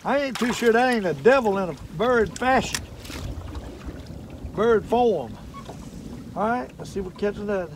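An older man with a drawl gives folksy, chatty running commentary from a fishing boat, repeating himself when he gets excited. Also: sits high, moderate pace, long pauses. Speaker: fishing show host. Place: on a fishing boat on a lake, outdoors. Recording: wind and boat noise outdoors.

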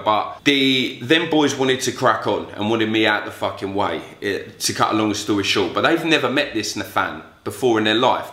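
Guy swearing through a story, bright punchy voice, roomy echo. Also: medium pitch. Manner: profane, blunt storytelling. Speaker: vlogger. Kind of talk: storytelling vlog.

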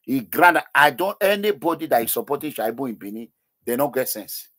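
A man with a Nigerian accent hosting a political call-in show, talking excitedly and slipping into Pidgin. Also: medium pitch, a little fast. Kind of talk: animated political commentary with callers.

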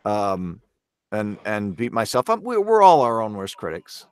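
A man's voice: on the low side, wildly swooping pitch, unhurried, darkish tone, clean tone, no echo, clean studio sound. A man from Canada, a voice actor guest, talking earnestly and self-critically in a casual podcast interview.

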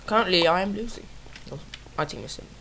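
A woman with a rough voice giving casual, self-mocking commentary while playing a video game, often exclaiming at the action. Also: on the low side, lively intonation, fast talker, a bit bright, slight background noise, rough recording. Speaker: gamer.

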